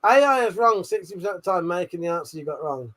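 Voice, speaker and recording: Man, English accent, live-stream host, higher-pitched voice, profane, teasing. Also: lively intonation, fast talker, a bit bright. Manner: swears a lot, mocking and gloating. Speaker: livestream host. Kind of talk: casual live-stream chat.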